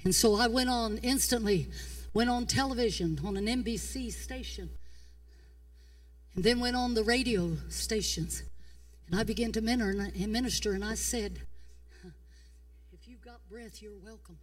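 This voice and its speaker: An older woman pastor, preaching a fiery sermon. She swings between shouting and hushed tones in a folksy way. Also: fairly high pitch, moderate pace, long pauses, recorded from a distance. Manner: folksy, repeats "come on". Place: church.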